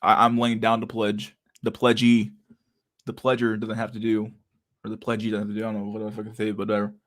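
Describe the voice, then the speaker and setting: A young man talks on a livestream in a low, relaxed voice. He is loose and crude, mutters to himself, and laughs often while answering chat. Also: fast talker. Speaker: streamer reading chat.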